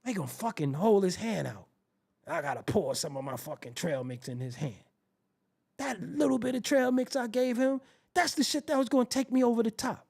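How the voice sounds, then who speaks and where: A man hosting his show, telling a comedic, profane story in an animated way and acting out the quoted voices. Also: high-pitched, gravelly. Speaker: show host.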